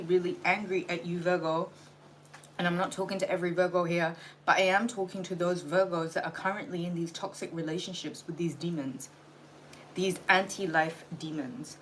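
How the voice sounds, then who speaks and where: A woman's voice: on the low side, fairly even intonation, moderate pace, slight background noise, low-quality recording. A tired woman giving a blunt, exasperated livestream tarot reading, lecturing her viewers and swearing freely. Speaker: tarot reader.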